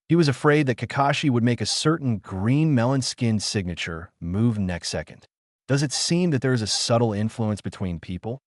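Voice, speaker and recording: A man narrating a translated web novel audiobook in an animated storytelling manner. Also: fairly low pitch, dry recording, studio quality.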